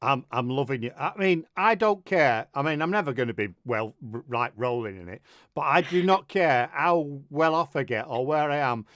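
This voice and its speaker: A man's voice: medium pitch, lively intonation, normal speed, a bit bright, no echo. A man hosting a casual radio show, joking and rambling, often laughing. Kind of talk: casual chat.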